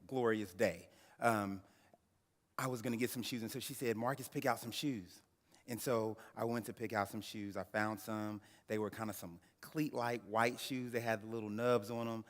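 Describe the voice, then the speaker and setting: A medium-pitched man in his thirties gives a keynote speech in a large banquet hall, sharing a personal story with dramatic pauses and speaking directly to the audience. The sound is echoey, coming through a PA system.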